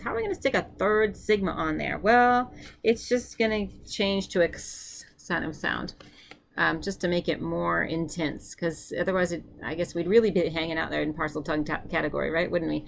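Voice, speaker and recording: A woman's voice: lowish voice, moderate pace, creaky, a little hiss or hum. A woman teaching a vocabulary lesson, repeating each word for the learner and chatting casually as she corrects herself. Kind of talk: drill-style vocabulary lesson.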